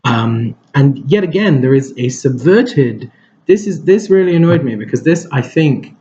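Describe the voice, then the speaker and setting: A man's voice: mid-range voice, expressive, moderate pace, mellow, muffled recording, slight background noise. A man giving a casual film review, rambling and hesitant, with lots of fillers and restarts.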